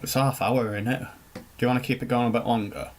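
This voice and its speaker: Young man, podcast co-host, lively storyteller, swears a lot, faint background noise. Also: medium pitch, quick pace. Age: young adult. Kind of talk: casual chat.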